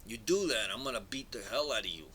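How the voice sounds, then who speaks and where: A man putting on a bossy male mob boss who bullies a younger relative with halting threats. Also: mid-range voice, animated, pushed and bright, slight background noise, rough recording. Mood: threatening. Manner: threatening, commanding, halting with fillers.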